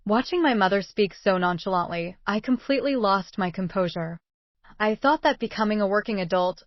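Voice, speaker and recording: A woman's voice: mid-range voice, no echo, muffled recording. Woman narrating a first-person story.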